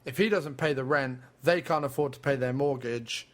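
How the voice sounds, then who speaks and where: A man's voice: mid-range voice, moderate pace, fairly bright tone. A man co-hosting a film podcast in casual chat, bluntly and scornfully tearing into a movie.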